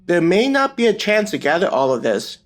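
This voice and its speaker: A man reading the lines of a stubborn young woman survivor in an audiobook, in a plain, even manner. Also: high-pitched, brisk, faint music behind.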